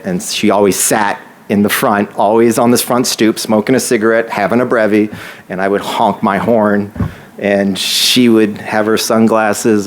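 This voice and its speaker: A man's voice: lowish voice, a little hiss or hum. A man giving a speech at an opening ceremony, telling a personal story with many restarts. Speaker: housing nonprofit staff speaker.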